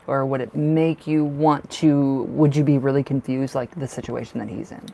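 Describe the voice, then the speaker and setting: A man's voice: mid-range voice, steady tone, normal speed, vocal fry, few pauses, dark tone, slight background noise. A man giving a casual live tarot reading, talking loosely and repeating himself as he goes. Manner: casual, rambling, repeats words. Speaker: tarot reader.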